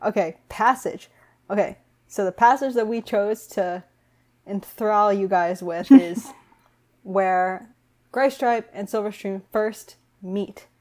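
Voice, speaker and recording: A woman's voice: mid-range voice, slow pace, a little mellow. A woman hosting a book podcast, chatting casually and summarizing the plot, with many "like"s and "um"s. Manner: chatty, uses fillers like "like" and "um". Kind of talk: casual chat.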